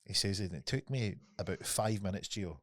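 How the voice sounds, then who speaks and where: Male podcast host, deep voice, dry booth sound, animated storyteller who swears freely. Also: normal speed, no room sound. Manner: animated storyteller, swears often, acts out quotes. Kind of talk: casual podcast chat, storytelling.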